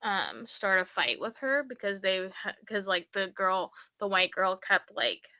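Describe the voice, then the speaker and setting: Unhurried, bright-voiced woman co-host. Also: medium pitch, muffled recording. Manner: relaxed, with short agreeing replies and hesitant "um"s. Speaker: podcast co-host. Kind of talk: casual chat.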